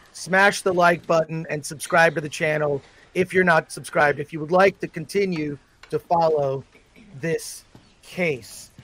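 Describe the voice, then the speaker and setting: A man with a notably high voice presides over a livestream as a mock judge, speaking with formal courtroom gravity broken up by frequent fillers. He comes through a video call. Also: a bit bright.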